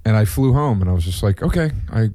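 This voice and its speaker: A man's voice: fairly low pitch, animated, fast talker, dark tone, no echo. Rambling man telling stories, dry sound. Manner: rambling storyteller, many fillers and restarts. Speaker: comedian and podcast host. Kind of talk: casual chat.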